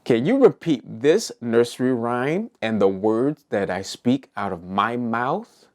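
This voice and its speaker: A man's voice: mid-range voice, huge pitch swings, darkish tone. A man leading a preschool circle-time lesson, talking to small children with exaggerated, encouraging cheer. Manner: slow, sing-song, exaggerated encouraging delivery. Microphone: recorded for an online kids' video.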